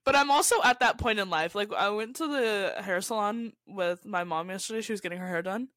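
A woman's voice: medium pitch, fairly quick, a bit bright, no echo. A young woman from California chats with friends on a podcast, stacking up anecdotes and slipping into the voices of the people she quotes. Her speech is loose and full of "like" and restarts. The sound is dry and close. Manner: chatty storyteller, quotes people in their own voices, frequent likes and restarts. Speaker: podcast co-host. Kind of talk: casual chat.

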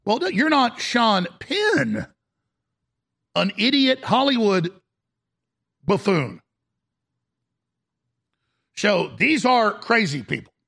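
A man's voice: high voice, big pitch swings, very slow, gravelly, long pauses, fairly bright tone, slightly rough. A man hosting a talk radio show, delivering an indignant, mocking rant. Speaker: radio host.

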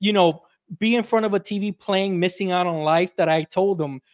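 Young guy from miami on a podcast, pretty high voice, super animated, cussing while he tells stories. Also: moderate pace, no echo, studio quality. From Miami area. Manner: animated, swears freely, acts out quotes. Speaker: podcast guest. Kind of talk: casual podcast chat, storytelling.

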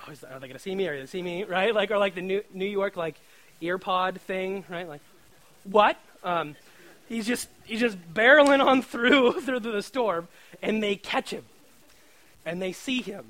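A high, bright male voice delivering a sermon. He preaches in a loose, chatty way, full of "like" and "right?", and acts out voices. His delivery stays lively and animated.

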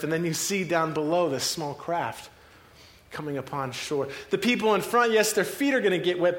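A male preacher tells a scripture story as if it were a film, scene by scene. His voice sits high for a man, and he lingers on dramatic pauses. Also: fairly bright tone. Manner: vivid, cinematic retelling with dramatic pauses.

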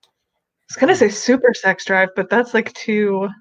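A woman's voice: mid-range voice, no room sound, muffled recording. A woman co-hosting a podcast in casual chat, playful and joking. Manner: playful, joking, quick to laugh. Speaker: podcast co-host.

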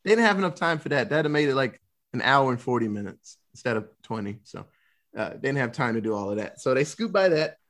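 Animated young man recapping a film, swearing freely. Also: medium pitch, fast. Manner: profane, laughing, acts out characters' lines. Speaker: podcast co-host recapping a film. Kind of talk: casual chat.

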